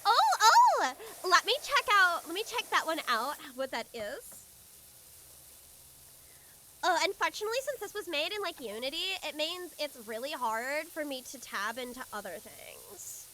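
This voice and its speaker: Very high-pitched bubbly woman streamer. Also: normal speed, slight background noise. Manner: bubbly, excitable, giggly. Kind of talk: casual gaming stream chat.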